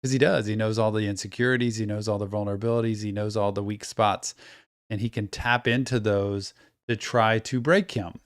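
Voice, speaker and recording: A man's voice: fairly low pitch, steady tone, fairly quick. A man hosting a reaction video, giving thoughtful, explanatory commentary in a counselor-like way. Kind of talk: casual commentary.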